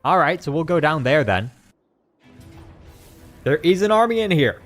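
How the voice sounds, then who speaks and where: A young man talks through his game run in casual commentary, his pitch bouncing all over the place. He is excitable, dropping into flat asides and then bursting out loudly when something goes well. Faint music plays under his voice. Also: moderate pace. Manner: excitable, swings between flat asides and loud outbursts. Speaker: gaming YouTuber. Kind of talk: gameplay commentary.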